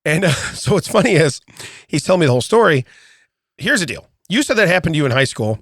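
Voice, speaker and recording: Middle-aged man, casual podcast chat, higher voice, very lively pitch, dry close mic. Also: fast talker, breathy edge, dry recording. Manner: animated storyteller, repeats "okay?" and restarts. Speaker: podcast co-host.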